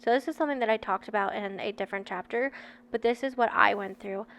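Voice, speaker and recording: A woman's voice: mid-range voice, quick pace, fairly bright tone. A woman in her thirties reading a book aloud and breaking off into candid, chatty personal asides to her viewers. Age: 30s.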